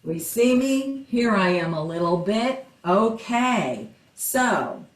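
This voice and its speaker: A woman's voice: mid-range voice, sing-song, slow. A woman hosting a children's story time, talking to young kids in a cheerful, coaxing, sing-song way. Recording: roomy echo.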